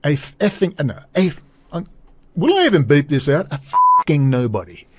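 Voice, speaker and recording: A man's voice: a little high, huge pitch swings, fairly quick, a bit bright, slightly rough, dry recording. A man hosting a solo podcast, rambling and blunt, swearing freely and trailing off mid-thought. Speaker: podcast host. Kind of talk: casual solo commentary.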